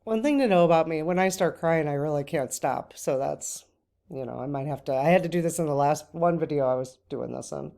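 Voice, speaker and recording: A woman's voice: sits low, a little fast, vocal fry, dark tone. A middle-aged woman talking casually to camera in a personal vlog, often emotional and close to tears. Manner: tearful, breaks off to cry. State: crying at times. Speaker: channel host.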